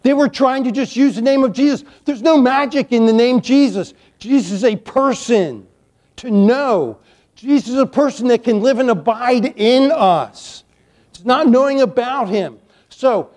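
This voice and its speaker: A man's voice: extremely high pitch, a little mellow. A male pastor preaching a sermon, emphatic, repeating key lines and dropping playful asides to the congregation.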